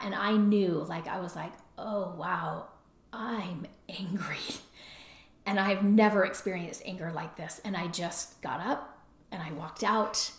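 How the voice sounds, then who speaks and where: A middle-aged woman hosting an advice podcast, talking in a relaxed conversational way and often tagging her points with "right?". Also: mid-range voice. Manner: conversational, frequent "right?" tag questions. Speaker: podcast host and counselor. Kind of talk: advice talk. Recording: roomy echo.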